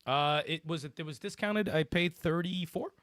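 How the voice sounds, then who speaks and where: Podcast co-host, man, excitable storyteller, bright lively voice, dry close sound. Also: on the high side, normal speed, no room sound. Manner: animated, laughing, swearing, acts out game voices. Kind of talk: casual chat.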